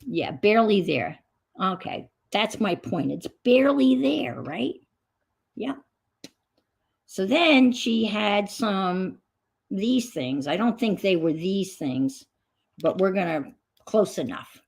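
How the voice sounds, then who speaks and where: A woman's voice: mid-range voice, slow, gravelly, pauses often, husky. A woman hosting a craft video, chatting casually and rambling as she works. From moved to the southern US. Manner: rambling, relaxed, thinking aloud while crafting.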